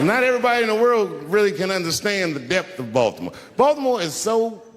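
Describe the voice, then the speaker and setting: A man doing a stand-up comedy set on stage, telling stories in an animated way and acting out other people's lines. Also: sits high, fast talker, slight background noise. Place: theater stage before a live audience. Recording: live stage recording with crowd and hall echo.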